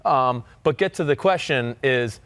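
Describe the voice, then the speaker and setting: A man in his thirties with a New Jersey accent, hosting a sports podcast in loud, animated casual chat. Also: mid-range voice, unhurried, dry recording. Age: 30s. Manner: loud, animated, talks with filler and restarts. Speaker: podcast host.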